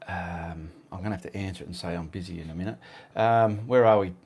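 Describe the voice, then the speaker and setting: A man's voice: low-pitched, fairly even intonation, fast, a little mellow, breathy edge. A man with an Australian accent hosting a casual live art stream at home, chatting and answering viewers' comments. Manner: chatty, reads out viewer comments, easily sidetracked.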